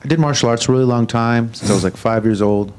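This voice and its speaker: A man's voice: medium pitch, fast, darkish tone, slight background noise. A man in his thirties from the congregation, sharing a story casually, with fillers. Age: 30s. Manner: conversational, with fillers. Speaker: congregation member. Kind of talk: casual testimony.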